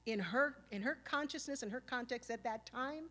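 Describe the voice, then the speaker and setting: A woman's voice: a little high, moderate pace. Streetwise Los woman telling stories. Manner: casual, streetwise and profane, full of "you know" and "like"; animated, acting out past arguments. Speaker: speaker. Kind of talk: storytelling talk at a symposium. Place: stage at a live event.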